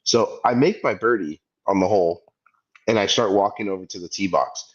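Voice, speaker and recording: A man's voice: on the low side, a little fast, dull audio. A man in his thirties co-hosting a podcast, telling a story in casual chat and acting out the people in it. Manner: animated storyteller, acts out quoted voices. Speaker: podcast co-host.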